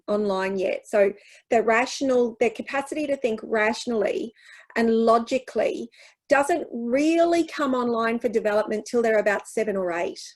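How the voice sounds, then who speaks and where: Aussie woman talking to teachers abt little kids, bit high voice, gentle sing-songy when she acts out what to say. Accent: Australian. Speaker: child anxiety speaker at teacher workshop. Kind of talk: workshop Q&A talk.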